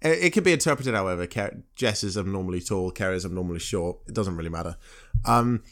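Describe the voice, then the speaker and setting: A man co-hosting a casual podcast, recapping a TV episode in a halting, hesitant way with many pauses and self-corrections. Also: sits low, lively intonation, a bit bright. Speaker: podcast co-host.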